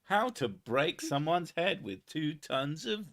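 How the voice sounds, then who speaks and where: A man's voice: fairly high pitch, sing-song, slow, fairly bright tone. A young man, hosting a casual comedy chat in a crude, sarcastic manner full of swearing. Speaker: podcast host.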